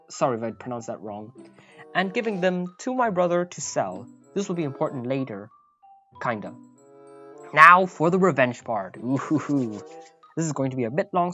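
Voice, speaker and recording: A woman's voice: low voice, fairly bright tone. A woman reading a reddit story aloud, with wry, apologetic asides. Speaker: story narrator. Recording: slightly muffled, faint background music.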